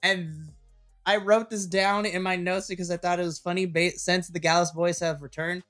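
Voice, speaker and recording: A man in his thirties co-hosting a wrestling podcast, recapping matches in an animated way and laughing often. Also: high-pitched, normal speed, faint music behind. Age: 30s. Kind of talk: casual chat.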